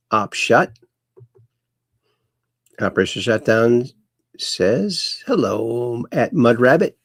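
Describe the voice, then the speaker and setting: A man's voice: medium pitch, very animated, takes it slowly, long pauses, breathy edge, dry recording, clean studio sound. A man hosting a casual livestream, rambling and reading viewer comments aloud. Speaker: host.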